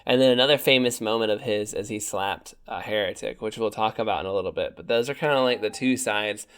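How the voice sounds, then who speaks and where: A man's voice: fairly low pitch, quick pace, fairly bright tone, clear, resonant tone. A young man co-hosting a podcast, talking casually and chattily with fillers and restarts. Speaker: podcast co-host.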